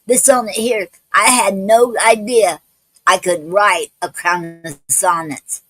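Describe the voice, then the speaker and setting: A woman's voice: medium pitch, fairly even intonation, fairly bright tone, no room sound, rough recording. Breathless woman hosting a poetry stream. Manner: halting, many fillers and restarts. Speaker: poet hosting a live stream. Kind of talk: casual live-stream chat and poetry reading.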